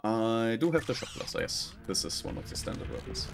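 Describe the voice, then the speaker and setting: A man's voice: mid-range voice, sing-song, fairly quick, creaky. A man, a native German speaker, streaming as a VTuber and chatting casually over gameplay, hesitant with many restarts and fillers. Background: loud game music.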